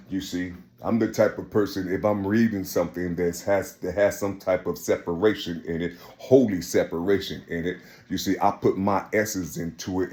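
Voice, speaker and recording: A man playing a preacher delivers a passionate religious monologue, emphatic and repetitive. He swings between raised, shouted lines and a low murmur.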